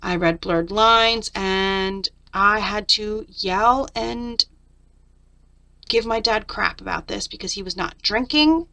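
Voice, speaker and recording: A woman's voice: medium pitch, slow pace, vocal fry, bright, forceful tone. A middle-aged woman chatting candidly through a journal flip-through, venting about her week. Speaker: papercraft vlogger.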